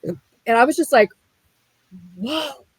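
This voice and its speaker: A young woman from the US Midwest telling her story as a guest, animated and full of "like" fillers. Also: mid-range voice, moderate pace, dry recording, low-quality recording. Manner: animated, frequent "like" fillers, laughs while telling. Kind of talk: casual storytelling.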